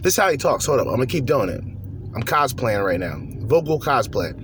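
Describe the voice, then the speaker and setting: A man's voice: medium pitch, big pitch swings, a little fast, noisy background. A man hosting a podcast, ranting bluntly and profanely in slangy talk from his car. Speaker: podcast host.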